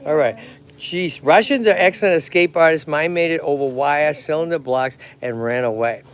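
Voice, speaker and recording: Energetic male rescue host, Massachusetts accent, fairly high-pitched, chatty outdoor livestream delivery with constant check-ins. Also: moderate pace, clean tone. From Lowell, Massachusetts. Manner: energetic, chatty, keeps checking in with "okay?" and "right?". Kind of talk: livestream chat. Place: outdoors at a tortoise pond.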